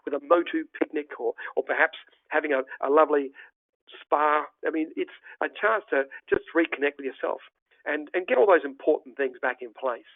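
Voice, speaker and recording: A man's voice: a little high, no room sound. A man giving an enthusiastic, descriptive virtual travel presentation. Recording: tinny phone-like dry line.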